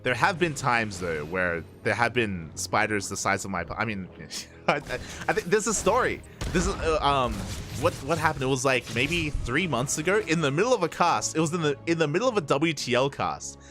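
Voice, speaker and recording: A man's voice: mid-range voice, big pitch swings, brisk, hardly any pauses, pushed and bright, soft background music. A man commentating live esports, telling a rambling story with frequent restarts. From Australia. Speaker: esports caster.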